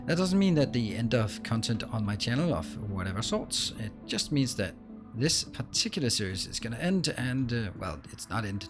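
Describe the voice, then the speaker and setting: A man hosting a let's play, explaining what he does as he plays and filling pauses with frequent ums and uhs. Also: medium pitch, sing-song, over music. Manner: explains while playing, with frequent fillers. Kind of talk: gameplay commentary.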